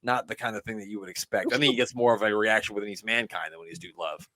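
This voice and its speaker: A man hosting a casual wrestling podcast, relaxed and rambling with frequent laughs. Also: lowish voice, fast talker, no room sound. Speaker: podcast host.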